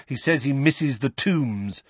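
A man's voice: mid-range voice, lively intonation, slow pace, husky, no room sound, muffled recording, pitched above the performer's own voice. A man voicing a smirking teenage boy, a joking twin, in an audiobook. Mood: wry. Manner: wry, smirking. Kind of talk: audiobook character voice.

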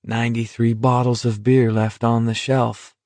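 A man's voice: mid-range voice, level tone, a little slow, no echo, natural voice. A man voicing a breathless, weary young man. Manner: soft, breathless.

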